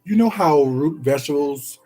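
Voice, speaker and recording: Husky dark-voiced man chatting while eating. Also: fairly high pitch, moderate pace, poor audio. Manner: chatty, warmly greets chat viewers with pet names. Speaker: food live-streamer. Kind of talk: casual live-stream chat while eating.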